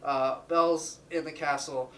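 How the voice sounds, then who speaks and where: A man's voice: on the high side, steady tone, unhurried, fairly bright tone, distant mic, a little hiss or hum, low-quality recording. A young man telling a crude, joking summary of a story in a casual, rambling way with plenty of fillers. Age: teens or young adult. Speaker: student narrator.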